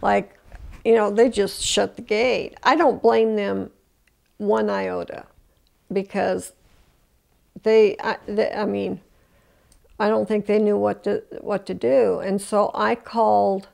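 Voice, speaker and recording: A woman's voice: mid-range voice, fairly even intonation, slow, gravelly, long pauses, darkish tone. An older woman in an oral history interview, telling her story with emotion, restarting often and acting out the voices she quotes. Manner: emotional retelling with many restarts.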